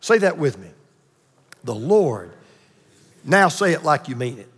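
A man preaching a sermon with emphatic repetition and dramatic pauses. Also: on the high side, sing-song, a bit bright, husky, in a large hall. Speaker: pastor.

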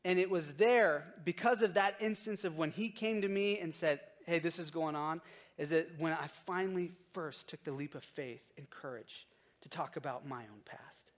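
A man's voice: on the high side, moderate pace. A man preaching a sermon in a casual storytelling way, acting out the quotes in his stories. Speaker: pastor.

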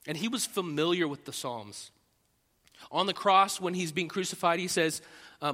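A man preaching a sermon as pastor, animated, acting out loud rising prayers and often restarting his phrases. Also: sits high, moderate pace, in a large hall.

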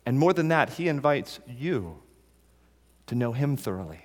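A male pastor delivering a sermon at a mid pitch. His delivery moves between quiet, slowed passages and loud, rising appeals to the listener. The voice carries the long reverb of a large hall. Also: big pitch swings. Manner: swings from soft and slow to loud and rising in appeals.

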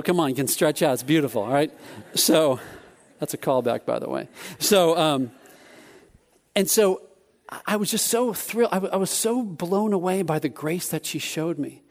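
A man preaching a sermon, telling a personal story in an animated way with many restarts. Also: on the high side.

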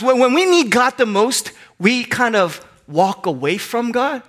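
An extremely high-pitched, slightly bright male voice with big pitch swings and a measured pace belongs to a pastor delivering a sermon. He tells funny anecdotes and playfully acts out little voices.

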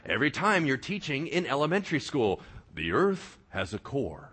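A man preaching a sermon in a lively, joking way, often asking the congregation whether they follow him. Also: mid-range voice, normal speed, hardly any pauses, slightly rough. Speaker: pastor.

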